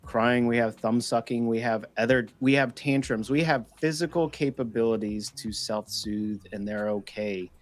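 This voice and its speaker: A man's voice: mid-range voice, moderate pace, few pauses. Earnest man in his thirties on a podcast. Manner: earnest, encouraging, emphatic, swears for emphasis. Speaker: podcast co-host. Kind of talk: casual conversational podcast chat.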